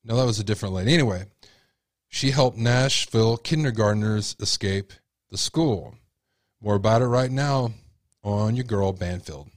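A man's voice: fairly low pitch, moderate pace, no echo. A man hosting a casual commentary show, blunt and opinionated. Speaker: commentary host.

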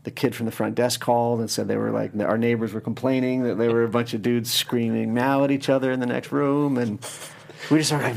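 A man's voice: medium pitch, steady tone, brisk, vocal fry, darkish tone. A man telling stories as a filmmaker guest in casual chat, rambling and restarting, laughing and acting out quotes.

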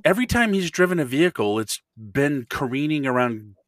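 A man playing in a tabletop game, describing his character's actions in an animated, rambling way. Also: medium pitch, fairly quick, no room sound. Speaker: player.

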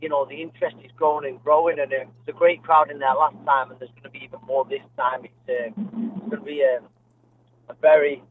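A man's voice: fairly high pitch, fairly even intonation, fairly quick. A man, a guest talking in a friendly, hesitant way with many fillers. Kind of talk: interview over the phone. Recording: tinny phone line with faint hiss.

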